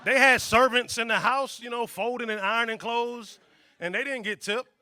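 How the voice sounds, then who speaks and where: Stand-up comic, man, high and bright, animated, playing characters on a club stage. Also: normal speed, no room sound. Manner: loud, animated, acts out characters. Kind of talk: stand-up comedy set. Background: audience laughter.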